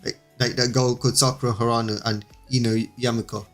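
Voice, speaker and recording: A man's voice: medium pitch, little pitch movement, quick pace, fairly bright tone, faint music behind, lightly acted. Bullied young girl, read by a man, lonely and hurt. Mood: sad.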